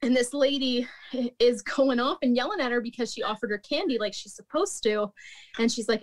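A woman with a somewhat high voice tells stories from her restaurant days. Her talk is loose and chatty, full of "like", with frequent laughter. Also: steady tone, fast. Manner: chatty, peppered with "like", laughs often. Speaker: guest, former restaurant manager. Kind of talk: casual storytelling chat.

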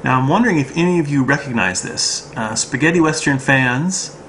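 A man's voice: mid-range voice, a little fast, a bit bright, a little hiss or hum. A man talking casually and hesitantly about his pipes, with many ums and uhs. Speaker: pipe smoking vlogger. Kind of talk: casual show and tell.

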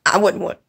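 A woman ranting to camera as a vlogger, blunt and profane, scolding and repeating words for emphasis. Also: bright, forceful tone. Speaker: vlogger and makeup teacher. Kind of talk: angry casual rant to camera.

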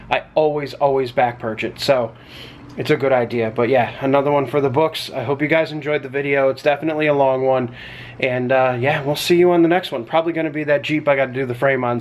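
A man showing his welding work in a relaxed, plain-spoken way, with casual swearing, recorded in his fabrication shop. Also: medium pitch. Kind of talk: casual show-and-tell.

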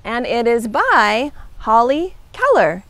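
A woman librarian doing a children's storytime reading, animated and expressive. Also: on the high side, slow pace, no room sound. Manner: animated, expressive read-aloud.

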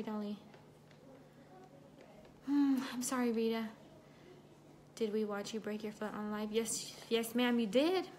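Woman host, fairly high voice, chatty livestream talk over makeup, emotional, faint room hum behind. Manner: chatty, reads out viewer comments while doing makeup. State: emotional, recovering from a broken foot. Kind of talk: casual livestream chat.

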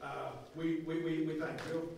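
Hear a man as an earnest, fussy radio announcer of the 1920s, delivering his lines in a pompous, formal way. The voice sits high for a man. It is heard from a distance in a very echoey hall, with faint noise behind it. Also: flat delivery, moderate pace, gravelly, a little mellow. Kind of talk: comic one-man stage play. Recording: echoey hall, far from mic.

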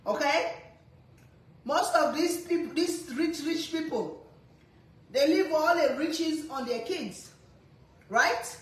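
A woman and mother chatting casually to camera, lecturing her kids in a half-joking, animated way with lots of repetition. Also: sits high, slow pace, long pauses. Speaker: cooking vlogger and mother. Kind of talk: casual family chat to camera. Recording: echoey room, faint background noise.

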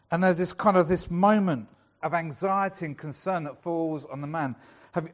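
A man's voice: sits high, muffled recording. A male pastor preaching a sermon in a chatty storytelling way, acting out the voices of the people in the story.

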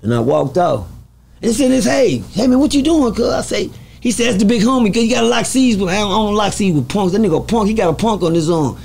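A man from Fort Worth, telling stories as an interview guest, animated and swearing freely as he acts out the voices of others. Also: sits high, fast talker, creaky. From Fort Worth, Texas. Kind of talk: storytelling in a casual interview.

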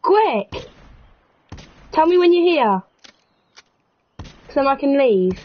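A woman's voice: high-pitched, sing-song, measured pace, muffled recording. A woman chatting casually while playing an online game with a friend, playful and teasing, laughing often. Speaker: gaming vlogger. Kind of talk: casual gaming chat.

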